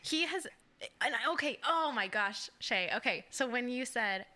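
A young woman with a bright, rather high voice co-hosts a podcast, recapping a reality show at a moderate pace. She's animated, laughs often, and acts out the quotes.

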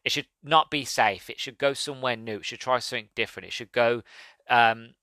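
Bright-voiced enthusiastic male book reviewer. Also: mid-range voice, fairly quick, no room sound. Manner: enthusiastic, rambling, self-correcting. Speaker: podcast host reviewing a book. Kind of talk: casual spoken book review.

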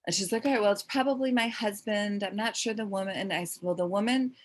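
A woman's voice: medium pitch, quick pace. A middle-aged woman, a medium, telling a long personal story in casual conversation, rambling and restarting with frequent fillers. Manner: rambling, self-interrupting, with frequent "like" and "um". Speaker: medium sharing readings.

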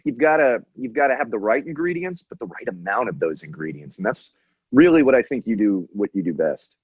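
A man's voice: fairly low pitch, lively intonation, fairly quick, slightly rough, no room sound, dull audio. A man co-hosting a comedy podcast, chatting casually with playful, rambling jabs. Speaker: podcast co-host.

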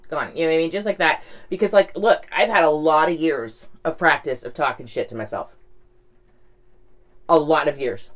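A woman talking candidly in a casual reflective monologue, rambling, with lots of "like" and "right?". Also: lowish voice.

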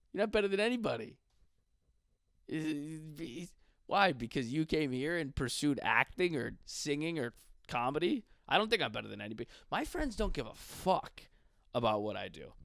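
A man's voice: a little high, big pitch swings, normal speed, gravelly, a bit bright, dry recording, studio quality. A man in his twenties, a stand-up comedian from Buffalo, delivering a profane, slangy comedic rant. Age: 20s.

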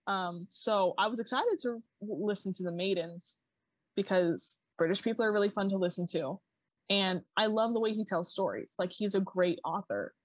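A woman's voice: medium pitch, lively intonation, normal speed, no room sound. A young woman co-hosting a library podcast, chatting casually about books with lots of fillers and enthusiasm. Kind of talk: casual chat.

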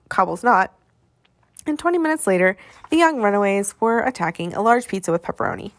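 A woman reading a novel aloud, with expressive storytelling. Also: mid-range voice, no room sound, studio quality. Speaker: reader.

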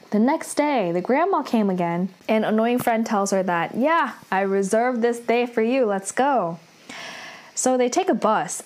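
A young woman talking through a drama recap in a loose, chatty way. She fills her sentences with "like" and breaks into small laughs, at an everyday pitch. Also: a little mellow. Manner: chatty, filler-heavy with frequent "like", laughs between lines. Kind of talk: casual episode recap.

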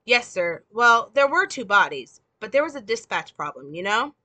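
A woman's voice: fairly high pitch, very animated, moderate pace, sharp tone. A woman reading as a flustered desk sergeant. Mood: apologetic. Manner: apologetic, read from a script.

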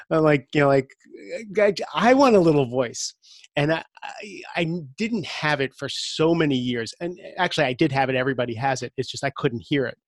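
A man's voice: a little high, dry recording. A middle-aged man speaking earnestly as an interview guest, often repeating words as he thinks aloud. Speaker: guest coach. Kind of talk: conversational interview.

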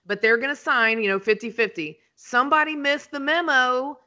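Lady host, bright voice, animated dramatic storytelling, casual chat. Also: high voice, moderate pace. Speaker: podcast host, real estate agent.

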